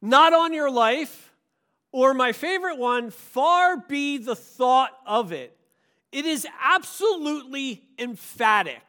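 A man preaching a sermon, emphatic and animated, leading his congregation in call-and-response. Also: very high-pitched, slow pace, smooth. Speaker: pastor.

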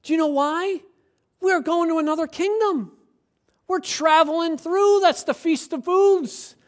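A man preaching a sermon, lively and conversational, acting out little quoted exchanges and building to emphatic points. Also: extremely high pitch, unhurried. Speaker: pastor.

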